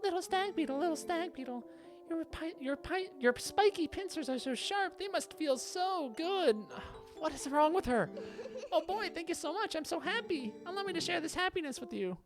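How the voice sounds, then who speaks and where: An eccentric girlish princess who adores bugs gushes over them in a breathy, doting coo, as a woman puts her on in a high, sing-song voice. She sounds sweet and unsettling at once. Game music plays steadily under her. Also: animated, normal speed. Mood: gushing. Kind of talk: reading game dialogue aloud in character.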